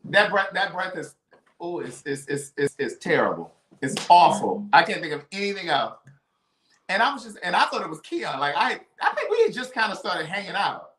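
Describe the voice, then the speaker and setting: A man's voice: high voice, big pitch swings, moderate pace, bright, forceful tone, echoey room, slight background noise. A man telling a story on a casual live stream. He talks dramatically and piles up vivid adjectives.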